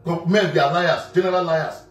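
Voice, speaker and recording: A man's voice: a little high, fairly even intonation, moderate pace. A man with a Nigerian accent talking casually and emphatically, repeating himself and filling gaps with "you know". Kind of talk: casual direct-to-camera monologue. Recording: echoey room, mic at a distance, faint music.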